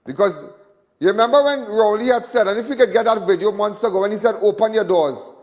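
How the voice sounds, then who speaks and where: A man's voice: high voice, quick pace. A man with a Trinidadian accent hosting a live crime talk show, rambling, boastful and joking.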